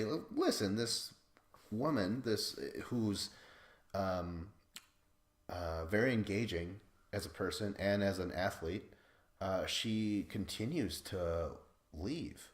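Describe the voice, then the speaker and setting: A man's voice: fairly low pitch, roomy sound. A man hosting a podcast recap in casual, rambling chat, swearing and laughing at himself. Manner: rambling, profane, self-deprecating, laughs often. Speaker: podcast host.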